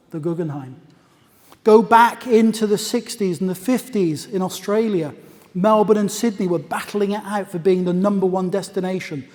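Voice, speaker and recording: A man's voice: high voice, darkish tone. A man giving a conference presentation in a hall, talking in a conversational, anecdotal way with asides. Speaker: conference speaker. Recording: long reverb of a lecture hall.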